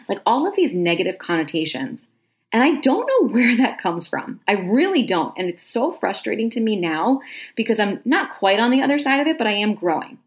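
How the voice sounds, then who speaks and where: A woman's voice: medium pitch, very animated, normal speed. A woman in her thirties, a podcast host telling her personal faith story in a chatty, earnest way, with plenty of "like" and "um".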